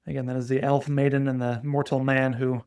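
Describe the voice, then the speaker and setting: A man co-hosting a podcast, talking through fantasy lore in an easygoing, conversational way. He stops and restarts his sentences and leans on filler words. His voice sits at an ordinary middle pitch and sounds dry and close to the mic, with no room echo. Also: flat delivery, fairly quick, darkish tone, clean tone. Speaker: podcast co-host. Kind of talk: casual chat retelling fantasy lore.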